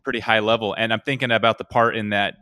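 Male interviewer, enthusiastic and searching; low-leaning, bright tone, dry recording. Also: steady tone, fast, clean tone, dry recording. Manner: enthusiastic, long searching questions. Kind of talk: casual interview.

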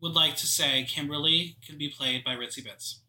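Higher, very bright man in an echoey room. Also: steady tone, normal speed. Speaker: podcast co-host. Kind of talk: casual chat.

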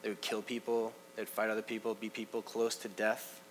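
A man preaching a sermon in a conversational way, talking straight to the congregation and swinging from loud emphasis to hushed asides. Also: fairly low pitch, level tone, brisk, a little hiss or hum. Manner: conversational, addresses the congregation directly. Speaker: pastor.

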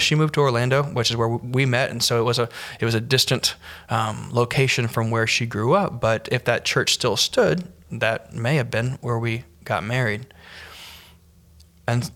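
A man hosting a church podcast, telling a personal story in a casual, halting way with many fillers and restarts. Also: medium pitch, a bit bright.

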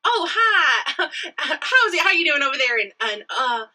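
Woman doing a bright, high, flirty phone saleswoman with breezy, teasing patter. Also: big pitch swings, measured pace, heavily acted. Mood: flirty, salesy. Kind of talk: acted sales pitch in casual chat.

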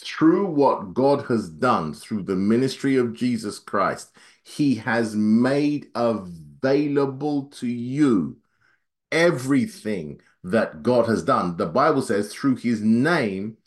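Reading scripture quickly, this preacher delivers his sermon with energy. His voice rises high to stress a point, then sinks down low and soft.

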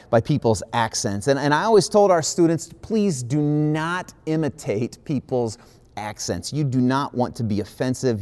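A man from the American Midwest preaches in a relaxed, conversational way, leaning hard on key phrases. He keeps circling back with quick asides as he teaches from scripture. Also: medium pitch. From Midwestern United States. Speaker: pastor. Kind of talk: sermon.

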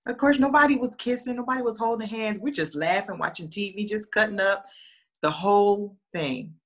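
In a casual chat, a woman tells funny stories with lively animation, acting out the voices she quotes. She speaks at a medium pitch and normal speed.

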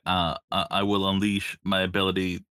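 Low-voiced man joking at a game table. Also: monotone, moderate pace, bright, forceful tone, smooth, dry recording, clean studio sound. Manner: joking, hesitant restarts. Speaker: player.

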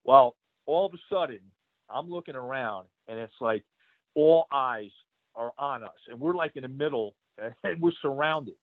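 A man's voice: mid-range voice, expressive, moderate pace, no room sound. A man, a retired pro wrestler, telling road stories in a casual interview, rambling with many fillers and laughs. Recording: tinny phone-like line.

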